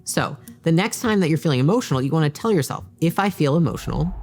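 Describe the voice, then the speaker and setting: Low-voiced woman giving blunt advice. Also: animated, fast talker, darkish tone. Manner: direct, emphatic, coaching tone. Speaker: business founder giving advice. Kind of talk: direct-to-camera advice talk. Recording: faint background music.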